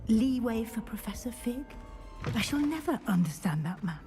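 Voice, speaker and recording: A woman's voice: fairly high pitch, very animated, moderate pace, dark tone, soft background music. An actress playing a proper, concerned female professor who speaks formally and politely.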